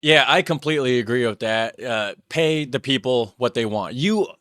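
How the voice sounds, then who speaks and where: A man's voice: medium pitch, lively intonation, moderate pace, fairly bright tone, no room sound, clean studio sound. A man hosting a reaction video, chatting casually and earnestly agreeing. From United States.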